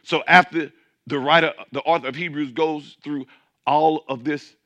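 A man's voice: fairly high pitch, fairly even intonation, normal speed, a bit bright, lo-fi sound. A man preaching a sermon as pastor, emphatic, repeating words as he restarts and calling out to his listeners. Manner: calls out to the congregation.

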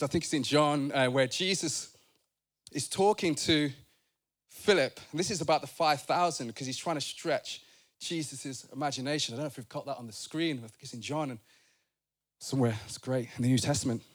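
A man preaching a sermon in a church, animated, playful and conversational. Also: on the high side, moderate pace, long pauses. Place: church sanctuary.

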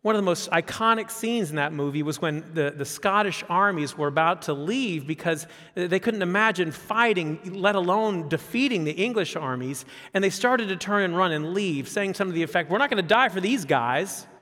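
A man in his fifties preaching a sermon as a pastor, animated, repeating phrases and asking rhetorical questions. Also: sits high, moderate pace, hardly any pauses. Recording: long hall reverb.

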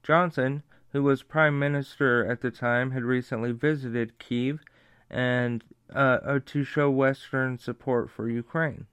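A man hosts his own show, riffing on the news with blunt, profane asides before rolling into casual sponsor reads. His voice is smooth and clear at a middle pitch, and he talks at an unhurried pace. The sound is dry and close, with no room around it. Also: fairly even intonation, fairly bright tone, no room sound. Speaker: host.

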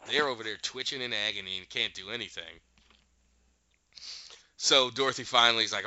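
A man's voice: mid-range voice, a little fast, long pauses, pushed and bright, no room sound, highs cut off. A man casually recapping a show, animatedly retelling scenes and acting out the characters' lines. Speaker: podcast host recapping a show.

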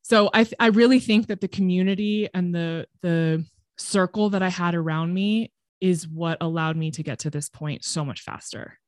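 A woman guest telling her story in a candid, conversational way, frank and expressive and swearing freely. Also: lowish voice, normal speed, no room sound, studio quality. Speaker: podcast guest.

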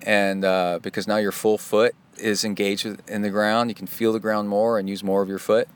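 A middle-aged man hosts a casual podcast monologue in a fairly low voice. He is chatty and self-deprecating, and he drifts into side stories as he goes. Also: little pitch movement, normal speed, clear, resonant tone. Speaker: podcast host.

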